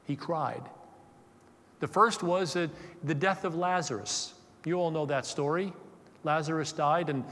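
A man preaching a sermon, moving from loud, emphatic stresses to soft, hushed passages. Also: a little high, big-room sound. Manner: slow deliberate stresses on key words. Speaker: pastor. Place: church.

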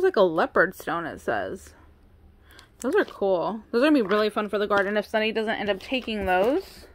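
A young woman who vlogs about crafts chats casually while unboxing her craft supplies, cooing over every item. Her voice is on the high side and a little bright.

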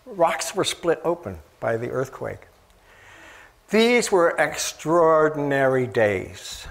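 Gravelly-voiced man preaching conversationally. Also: a little high, sing-song, slow pace. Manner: conversational, rhetorical questions, many fillers and restarts. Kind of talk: sermon.

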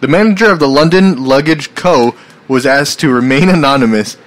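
A man's voice: a little high, moderate pace. A man hosting a podcast, chatting casually and reading news aloud, laughing often and swearing freely. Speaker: podcast host.

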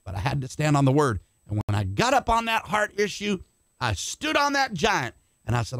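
Older male preacher, fiery and shouting at the peaks, slightly high voice, dry close sound. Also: huge pitch swings, moderate pace, gravelly, dry recording. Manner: impassioned, shouting climaxes, calls on congregation by name. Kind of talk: sermon.

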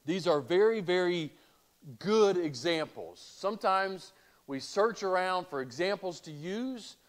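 A man's voice: high voice, animated, unhurried. A male pastor preaching a sermon, asking rhetorical questions and reading scripture aloud.

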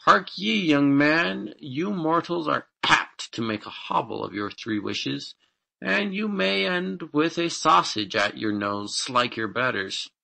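Guy doing a teasing fairy lady, slow and knowing, lots of pitch movement. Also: lively intonation, creaky, bright, forceful tone, heavily acted. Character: sly, teasing female fairy Dame Fortune.

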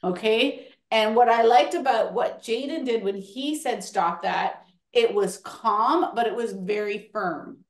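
A woman hosting a children's workshop, encouraging and animated as she talks the kids through examples. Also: on the high side, a little slow, echoey room. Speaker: workshop host. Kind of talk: lively classroom-style teaching.

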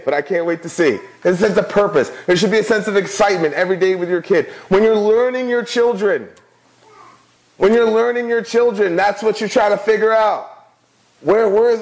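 High-voiced middle-aged man preaching. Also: poor audio. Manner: conversational preaching with asides. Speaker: pastor. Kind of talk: sermon.

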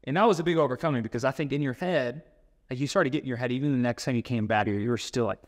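A man telling a story in a relaxed interview. He talks casually and swears now and then. When he acts out what people said, his voice jumps up in pitch. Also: racing. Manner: animated storyteller, acts out quotes. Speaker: personal trainer.

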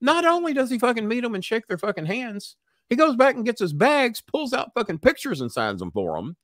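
A man's voice: extremely high pitch, sing-song, brisk, a bit bright, no room sound, studio quality. An older man with a cough, telling a story bluntly and with heavy swearing. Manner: blunt, swears freely, acts out voices. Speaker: podcast guest. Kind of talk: profane storytelling.

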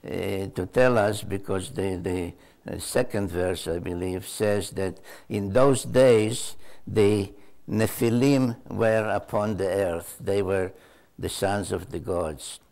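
A man's voice: low voice, steady tone, takes it slowly, creaky, a little mellow. An older male author giving an unscripted storytelling answer to a question, hesitant and full of uh fillers and repeated words.

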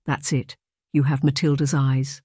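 A man voicing a frail, sharp-tempered elderly aunt in an audiobook, in a high, snappish voice. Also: level tone, unhurried, husky, dry recording, studio quality. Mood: eerie. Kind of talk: audiobook character reading.

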